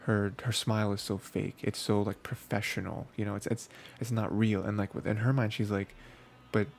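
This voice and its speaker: A man's voice: fairly low pitch, little pitch movement, fairly quick, vocal fry, slight background noise. A man hosting an anime review show, talking casually with lots of fillers and restarts. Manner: rambling, filler-heavy, frequent restarts.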